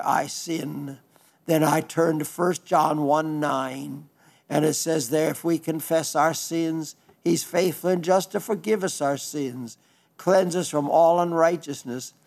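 A man's voice: a little high, creaky, darkish tone. Folksy preacher in his nineties. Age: 90s. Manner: folksy, halting, with frequent restarts; fervent when praising the gospel. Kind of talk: radio sermon reading listener letters.

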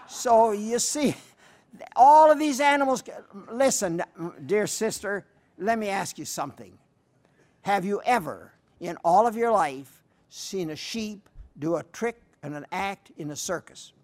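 An older radio preacher, raised in a rural sheep-raising family, delivers a folksy sermon, telling stories with emphatic repetition and answering listener letters. His voice sits high and a little mellow, animated yet unhurried.

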